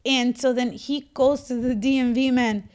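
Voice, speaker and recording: Animated woman host, slightly high voice, casual anecdote-style delivery. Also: moderate pace. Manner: animated, laughing, acts out quotes. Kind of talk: casual storytelling chat.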